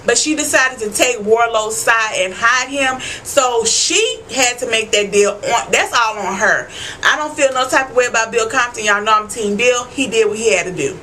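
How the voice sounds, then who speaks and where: A woman vlogger recapping a TV episode in a casual, slangy way, talking straight to her viewers with loud asides and frequent swearing. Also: on the high side, moderate pace, slight background noise, poor audio.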